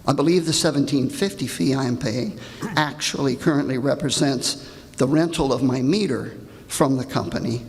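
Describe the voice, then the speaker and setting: At a public hearing, an older man reads his prepared comment in a pointed, indignant tone. His gravelly voice sits at a middling pitch, and the recording carries the long echo of a large, reverberant hall.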